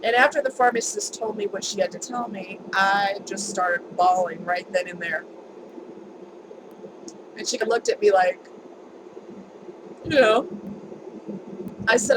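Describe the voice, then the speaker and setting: A woman's voice: mid-range voice, a little slow, pauses often, background noise. A woman vlogger telling a personal story in a chatty, emphatic way, repeating words for stress.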